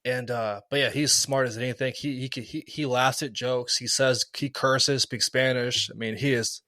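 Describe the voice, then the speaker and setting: A man's voice: mid-range voice, fairly even intonation, moderate pace, bright, forceful tone, no echo. Man rambling through stories, dry sound. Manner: rambling anecdotes with many fillers and restarts. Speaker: podcast co-host. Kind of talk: casual chat.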